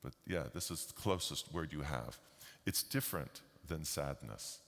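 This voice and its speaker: A man giving a slow, deliberate storytelling keynote talk at a conference. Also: rumbling low, animated, a bit bright. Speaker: keynote speaker. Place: large conference hall. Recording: long hall reverb.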